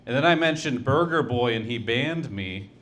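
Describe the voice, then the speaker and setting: A man doing a stand-up set with a halting, rambling delivery, trailing off and restarting his jokes. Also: mid-range voice, lively intonation, a bit bright. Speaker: stand-up comedian.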